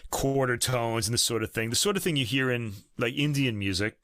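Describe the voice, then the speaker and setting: A man's voice: medium pitch, a little fast, fairly bright tone, dry recording. Rambling man in his fifties, dry sound. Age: 50s. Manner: rambling, self-correcting, chuckling. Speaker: podcast co-host. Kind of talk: casual chat about classical music.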